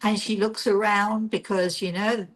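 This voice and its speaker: A woman's voice: mid-range voice, level tone, a little slow, rough recording. An older woman who is a spiritual medium and healer, telling a personal story in a chatty, reflective way and acting out the dialogue.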